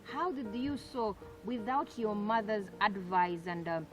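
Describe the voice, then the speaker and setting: A woman's voice: mid-range voice, animated, unhurried. A woman hosting an interview, asking long probing questions full of fillers. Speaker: interview host. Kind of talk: conversational interview. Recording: clear music playing behind.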